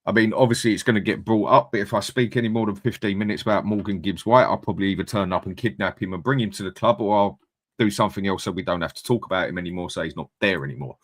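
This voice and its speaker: A man talks casually and bluntly on a live stream, shouting out viewers as he goes. His voice sits fairly low. The sound is dry and close to the mic. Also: fast, no room sound. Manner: blunt, chatty, reads out viewer comments. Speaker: fan channel host.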